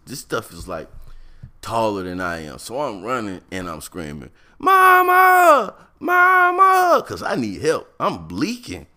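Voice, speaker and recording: A man recounts a story from his childhood, casual and animated with plenty of slang, putting on high voices to play the other people in it.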